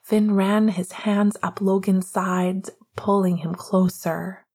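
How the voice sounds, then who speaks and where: Slow, hushed woman narrator. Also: medium pitch, steady tone, husky. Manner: hushed, half-whispered delivery. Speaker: audiobook narrator. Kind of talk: scripted romance narration.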